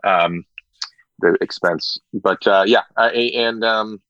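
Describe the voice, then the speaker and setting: Middle-aged male actor guest, halting and self-mocking, lowish bright voice, dull lo-fi sound. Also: dry recording. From Indiana, United States. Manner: self-deprecating, halting with restarts and fillers. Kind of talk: casual podcast chat.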